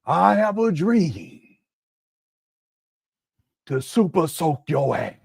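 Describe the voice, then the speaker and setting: A man imitating a male civil-rights preacher giving a speech, in a slow, drawn-out orator's cadence, standing back from the mic. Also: a little high, big pitch swings, creaky, a little mellow, husky, no echo, studio quality, full character voice. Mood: mock-solemn.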